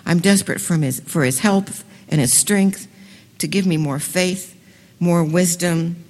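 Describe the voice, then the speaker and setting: Lady preaching w/ a lot of passion, kinda low voice, big echoey hall. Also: measured pace. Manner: impassioned, swells loud on scripture lines. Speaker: women's ministry speaker. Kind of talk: sermon. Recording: reverberant hall.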